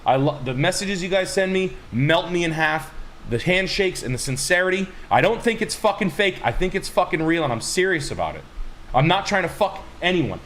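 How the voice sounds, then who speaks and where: A man hosting a livestream, ranting loudly and emphatically with lots of swearing. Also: high voice, a little hiss or hum. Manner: loud, swearing, emphatic, rambling. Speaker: streamer host. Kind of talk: profane livestream rant.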